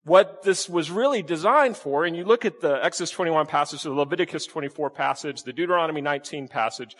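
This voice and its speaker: Lively pastor preaching in a hall. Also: male voice, fairly high pitch. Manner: lively, questioning the congregation, playful asides. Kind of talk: sermon. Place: church sanctuary with congregation.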